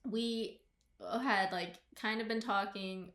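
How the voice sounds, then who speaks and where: A woman's voice: medium pitch, steady tone, takes it slowly, fairly bright tone. A woman in her twenties from the Midwest, co-hosting a podcast in casual chat, reacting with sympathy and speaking candidly. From American Midwest. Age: 20s. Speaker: podcast co-host. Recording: echoey room.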